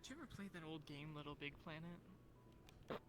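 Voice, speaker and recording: A speaker in a casual roleplay chat, playing a handler and talking calmly and drily, with hesitations. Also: medium pitch, normal speed, music in the background.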